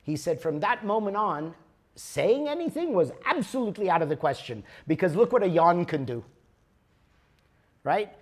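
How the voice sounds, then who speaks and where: A man speaking to a live audience at a workshop, conversational and animated, swinging between loud emphasis and soft asides. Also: a little high. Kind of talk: live motivational talk. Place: lecture room with audience.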